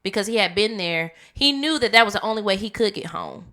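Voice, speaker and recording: A woman's voice: mid-range voice, lively intonation, fairly quick, bright, forceful tone. A woman co-hosting a podcast, casually discussing a movie, chiming in and pushing back on points. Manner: chatty, interjecting and correcting. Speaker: podcast co-host. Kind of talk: casual movie review chat.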